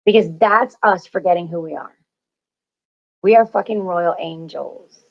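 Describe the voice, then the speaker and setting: A woman's voice: lowish voice, unhurried, creaky. A woman hosting a spiritual talk, speaking emphatically and repeating herself, swearing freely as she encourages listeners. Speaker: spiritual channel host. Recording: dull lo-fi audio.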